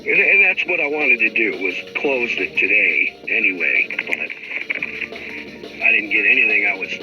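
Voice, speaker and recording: A man's voice: fairly low pitch, animated, normal speed. A middle-aged man hosting a livestream, talking in a frustrated, rambling, profane way. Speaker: livestream host. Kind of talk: casual livestream rant. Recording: dull lo-fi stream audio with music.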